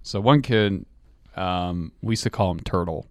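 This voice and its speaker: A man's voice: low-pitched, unhurried, darkish tone, no room sound. A man co-hosting a podcast who tells a rambling, laugh-filled story in casual chat. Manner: rambling, laughs often, many restarts. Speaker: podcast co-host.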